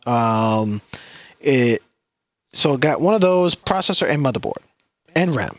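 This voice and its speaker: Animated, swearing man telling a story. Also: mid-range voice, unhurried, dry recording, dull audio. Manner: animated, profane, acts out quoted people. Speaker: podcast co-host. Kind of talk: casual storytelling chat.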